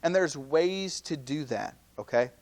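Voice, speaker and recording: A man in his late thirties, his voice sitting a little high, teaching a youth seminar in a loose, conversational way. He keeps asking rhetorical questions and checking in with "right?". Now and then he slips into quick acted-out quotes of other people. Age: 30s. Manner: acts out quoted speakers in lively asides. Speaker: campus minister.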